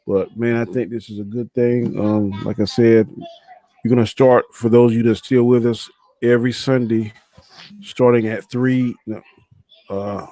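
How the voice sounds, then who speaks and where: A man hosting a livestream chat show, talking in a relaxed way to his co-host and viewers. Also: mid-range voice, no room sound.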